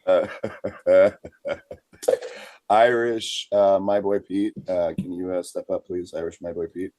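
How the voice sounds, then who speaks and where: A man's voice: low-pitched, flat delivery, slow, mellow. A man co-hosting a comedy podcast, hesitant and filling gaps with lots of uhs. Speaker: podcast co-host.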